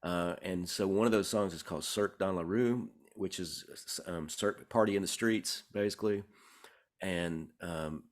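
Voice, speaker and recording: Very deep-voiced man telling stories. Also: normal speed. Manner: relaxed, rambling, many fillers and restarts. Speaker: songwriter guest. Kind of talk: conversational interview storytelling.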